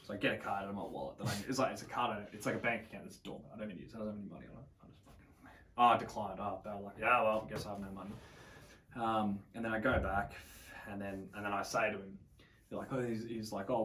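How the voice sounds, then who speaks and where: A man's voice: fairly low pitch, rapid-fire, a bit bright, far from the mic, slight background noise. A young Australian man casually telling a long story as a podcast guest, swearing freely and acting out what people said. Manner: swears a lot, acts out quotes.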